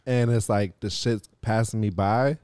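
Man, podcast host, smooth clear voice, dry close mic, animated and profane. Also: lowish voice, unhurried, no room sound. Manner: animated storyteller, swears and laughs often. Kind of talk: casual chat.

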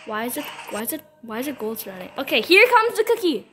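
A young teenage girl with a high, sing-song, fairly bright voice commentates her gacha game pulls at home, talking quickly. She squeals, pleads and groans at every result as a gaming video creator, with faint music in the background.

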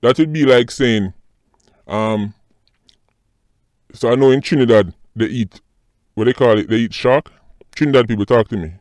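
A Jamaican man hosting a casual commentary vlog, animated and mocking, often calling out to his audience. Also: medium pitch, moderate pace, long pauses, dry recording. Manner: animated, mocking, repeats "people" and "right". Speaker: commentary channel host.

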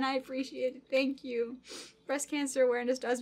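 A woman's voice: sits high, level tone, a little fast, slight background noise. A young woman YouTuber opening fan mail at home in a casual vlog, gushing and thanking viewers again and again. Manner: bubbly, gushing, thanks over and over. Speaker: gaming YouTuber. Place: home room.

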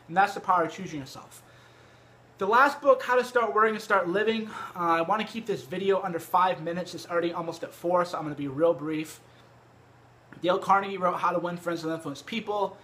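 A brash man with a high voice talks straight to camera about books, swearing freely and hitting his points hard. His tone is bright and pushy, recorded on a cheap microphone at home. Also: fairly quick. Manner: brash, profane, emphatic. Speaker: vlogger. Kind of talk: casual direct-to-camera book talk. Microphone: cheap USB microphone.

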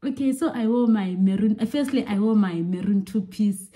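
This young woman tells her story in a lively, rambling way, often repeating herself. Her voice is very dark and mellow, sitting at an everyday middle pitch. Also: moderate pace. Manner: animated, chatty, lots of fillers and repeats. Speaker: vlogger. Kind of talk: casual storytime vlog.

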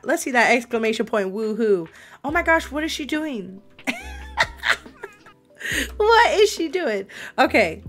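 Giggly young woman streaming a game, high voice, talks to chat a lot. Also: a bit bright. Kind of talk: casual gameplay commentary.

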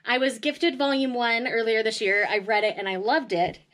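A woman's voice: a little high, fairly even intonation, normal speed, a bit bright. A woman hosting a casual unboxing vlog, gushing and emotional, often laughing as she talks to her viewers. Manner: chatty, addresses viewers directly. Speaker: manga vlogger.

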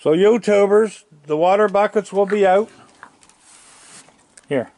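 An older man talks plainly and casually outdoors, recorded on a handheld camera. His voice sits a little high for a man. He chats in a homey way and coaxes the animals in a soft voice. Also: measured pace, creaky. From Nova Scotia, Canada. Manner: plainspoken, chatty, talks to the animals in a gentle coaxing voice. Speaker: wildlife vlogger. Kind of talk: casual talk while feeding raccoons.

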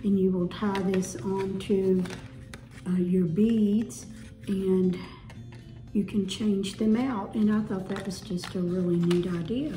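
In an echoey room with faint music behind her, a chatty Southern woman who vlogs about home decor shows off her haul. Her voice is medium-pitched, mellow and steady, and she speaks slowly, gushing over each item in a folksy, casual show-and-tell.

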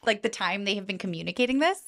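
Woman, 30s, podcast guest, chatty, reflective, animated. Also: medium pitch, quick pace, vocal fry. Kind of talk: casual podcast chat.

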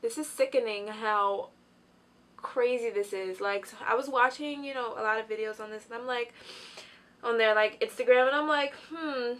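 Young woman, bright voice, chatty and excitable, tired, beauty review on the floor at home. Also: fairly high pitch, normal speed. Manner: chatty, excitable, lots of fillers. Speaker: beauty vlogger. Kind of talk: casual product review.

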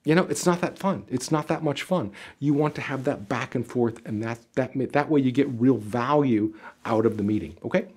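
Energetic male interview coach, speaks straight to camera, emphatic, chatty, medium pitch. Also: normal speed, breathy edge. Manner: animated, emphatic, gestures with arms and body; conversational, many "you know" fillers. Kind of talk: direct-to-camera advice video.

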